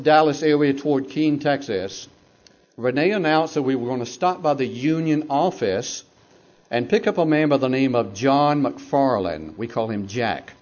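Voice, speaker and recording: A middle-aged pastor from Georgia telling his own story in a sermon, with dramatic pauses and soft asides. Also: on the high side, lo-fi sound. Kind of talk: sermon testimony.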